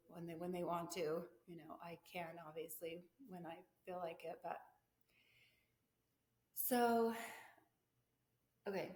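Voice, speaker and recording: A middle-aged woman hosting a video podcast, telling a personal story casually, rambling, breaking off her own thoughts and laughing between them. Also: fairly low pitch. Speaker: podcast host. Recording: echoey room, faint background hum.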